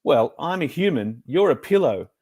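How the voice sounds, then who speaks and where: Guy doing a jumpy little boy voice, kinda high, earnest, storybook. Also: normal speed, slightly rough. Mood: excitable. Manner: eager, excitable. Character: excitable young boy, startled and earnest.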